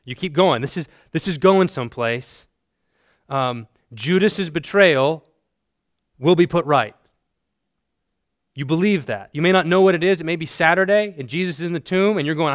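A man's voice: a little high, normal speed, pauses often, no room sound, clean studio sound. A man teaching a classroom theology lesson in a conversational, emphatic way, checking in with his students.

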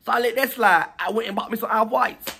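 A man telling a storytime vlog in a chatty, animated, profane gossip manner, talking straight to his viewers. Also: high voice, fairly quick, vocal fry, slight background noise. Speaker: storytime vlogger.

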